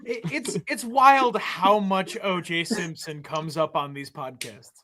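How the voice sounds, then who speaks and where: A man's voice: high voice, measured pace, a crowd in the background. A man chatting as a guest on a livestream, with wry jokes. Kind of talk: casual chat.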